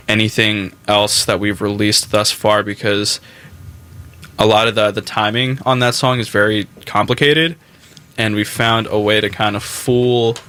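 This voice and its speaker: A man with a lowish voice that still sounds bright and forceful. He is a band musician talking casually as an interview guest, chatty and quick with his asides. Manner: chatty, quick asides, acts out quotes in a high voice.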